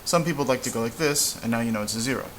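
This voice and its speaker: A man teaching a casual whiteboard lesson, relaxed and halting, with frequent fillers and restarts. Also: mid-range voice, a little hiss or hum, rough recording. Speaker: Spanish teacher.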